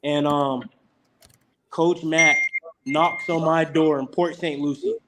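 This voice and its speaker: Background noise sits under a fairly high-pitched young man speaking slowly. A college football player in his young adult years, he tells stories on a casual podcast, acting out the quotes with animation.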